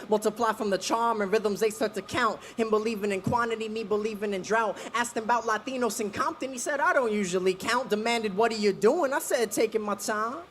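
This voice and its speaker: A man's voice: very high-pitched, fairly bright tone, a little hiss or hum. A man performing spoken word poetry with a rhyming, rap-like flow that slips into singing at times. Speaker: slam poet.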